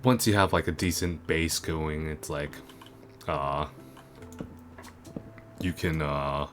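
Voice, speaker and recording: Speaking slowly in a very deep, slightly bright voice, a gaming video creator chats his way through a video game. His commentary is casual and rambling, riddled with fillers and restarts, while game music plays beneath some slight background noise.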